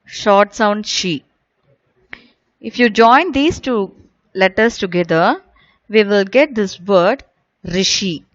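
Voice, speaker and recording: A woman's voice: mid-range voice, animated, takes it slowly, long pauses, no echo. A woman teaching young children in a video lesson, patiently repeating each word and asking the class questions. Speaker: primary school teacher. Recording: dull lo-fi recording.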